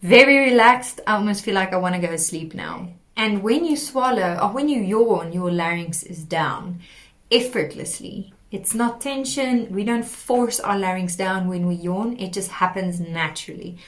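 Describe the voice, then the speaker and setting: A woman teaching a singing lesson, explaining patiently and demonstrating sung warm-up exercises. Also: medium pitch, moderate pace. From South Africa. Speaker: vocal coach.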